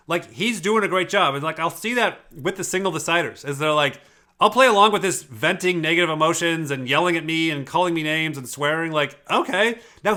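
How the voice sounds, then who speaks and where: A man's voice: on the high side, pushed and bright. A man giving casual commentary on video clips, explaining in an emphatic, profane way. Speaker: personality typing commentator.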